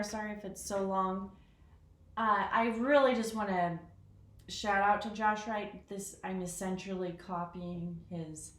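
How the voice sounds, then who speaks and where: A woman talking casually through how she practices a piano piece, chatty and self-deprecating, counting rhythms out loud. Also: on the low side. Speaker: piano teacher. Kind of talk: casual piano lesson vlog. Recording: echoey room with piano. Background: piano playing.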